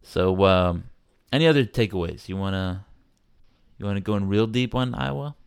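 A man hosting a casual sports podcast, rambling and animated, often acting out quotes from players and fans. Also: on the low side, normal speed, creaky, clear, resonant tone, no room sound, studio quality. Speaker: podcast host.

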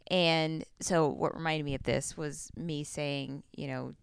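Woman, casual co-host chat, rambling, laughing, smooth clear voice, dry close sound. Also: low-pitched, fairly even intonation, measured pace, no echo. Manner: rambling, loses her train of thought, laughs often.

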